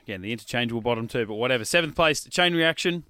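Bright upbeat man on a dry mic. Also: medium pitch, expressive, rapid-fire, clean tone, no echo. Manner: upbeat, ranks episodes in a list. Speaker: podcast co-host. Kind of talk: casual podcast chat.

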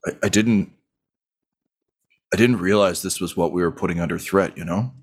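A man doing a soft, choked-up townsman. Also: deep voice, moderate pace, breathy edge, pitched below the performer's own voice. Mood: tearful. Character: tearful, humbled male townsman.

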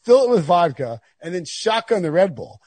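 A man's voice: high voice, sing-song, normal speed, a little mellow, breathy edge, no echo. A man hosting a sports podcast, bantering casually with friends and often laughing. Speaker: podcast host.

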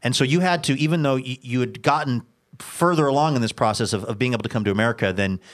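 Male radio interviewer, relaxed and conversational, leading the guest with questions. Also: mid-range voice, fast. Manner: informal, prompting questions. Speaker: interview host.

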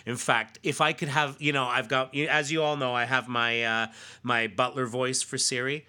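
A man's voice: mid-range voice, level tone, moderate pace, pushed and bright. A man co-hosting a podcast in casual chat, rambling with many fillers and restarts. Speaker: podcast co-host.

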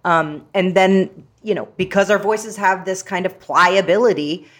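A woman's voice: lowish voice, measured pace. A woman guest, an actress and author, talking in a chatty, playful way with many fillers in a casual interview.

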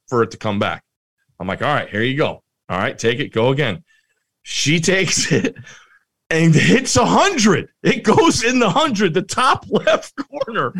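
Animated and frequently laughing, a middle-aged podcast co-host tells stories during casual chat. His voice is fairly high in pitch with a fairly bright tone.

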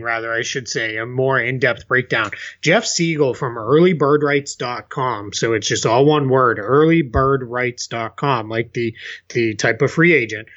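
A man's voice: medium pitch, a bit bright. A male podcast co-host in casual chat who walks listeners through contract details step by step. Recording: dull lo-fi sound.

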